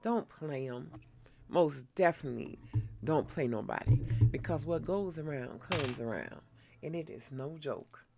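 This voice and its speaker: A woman's voice: low voice, a little slow, noisy background. A middle-aged woman hosting her own channel, telling a frank, blunt story in casual chat while doing her skincare. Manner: frank, blunt, laughs often. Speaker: vlogger host.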